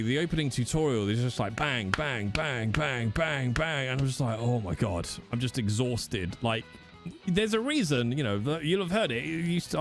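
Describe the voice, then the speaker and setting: A man, chatting casually and swearing freely as he talks to his stream viewers. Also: mid-range voice. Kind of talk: casual livestream chat. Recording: faint music behind.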